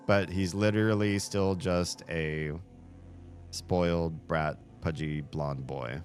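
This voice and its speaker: A man hosting a video game playthrough, chatting along in an animated way and laughing often. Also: low-pitched, slow pace. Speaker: let's play host. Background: faint game music.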